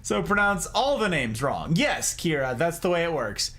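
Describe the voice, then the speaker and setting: Playful, lively high-voiced male streamer. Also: measured pace. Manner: playful, teasing, joking mispronunciations; laughs often. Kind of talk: casual livestream chat with viewers.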